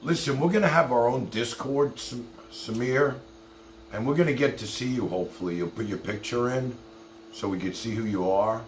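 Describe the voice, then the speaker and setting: A man's voice: mid-range voice, normal speed, reverberant, a little hiss or hum. A man hosting a casual livestream, talking animatedly straight to his chat. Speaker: livestream host.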